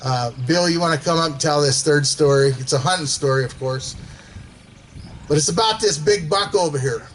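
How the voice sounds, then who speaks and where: A man's voice: fairly high pitch, moderate pace, a bit bright, a little hiss or hum, rough recording. A man telling casual stories to a gathering, rambling with fillers and chuckling as he goes. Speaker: storyteller at a gathering. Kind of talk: casual storytelling.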